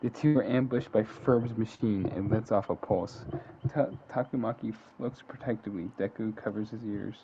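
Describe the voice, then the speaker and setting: A man with a low, gravelly voice reads out the events of a game simulation, leaning into the drama and fixing his own stumbles as he goes. The recording sounds dull and lo-fi, with a faint hiss underneath. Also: normal speed, dark tone. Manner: reads dramatically, laughs and corrects own slips. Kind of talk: casual read-aloud narration.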